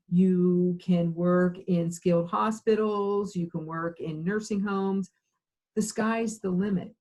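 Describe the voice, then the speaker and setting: A woman's voice: lowish voice, warm tone, low-quality recording. A middle-aged woman, an occupational therapy program director, telling her career story in an interview and acting out the dialogue as she goes.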